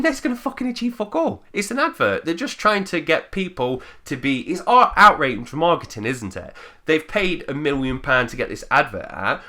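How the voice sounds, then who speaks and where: A man talks straight to camera in an opinionated rant, blunt and full of swearing. His voice is bright and forceful, and his pitch leaps around a lot as he mocks other people's views. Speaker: channel host.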